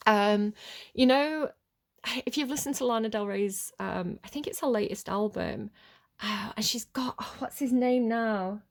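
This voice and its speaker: This tarot reader's voice sits a little high and carries vocal fry. Her reading is casual and meandering, full of distractions and frequent apologies, and she reads the card wording more slowly in between her tangents.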